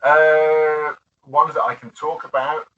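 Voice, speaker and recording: A man's voice: fairly high pitch, little pitch movement, takes it slowly, bright, forceful tone, slight background noise. A man being interviewed about his bartending years, chatty and laughing often, with many restarts. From United Kingdom. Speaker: interview guest, former bartender. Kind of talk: casual interview. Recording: distant, dull lo-fi audio.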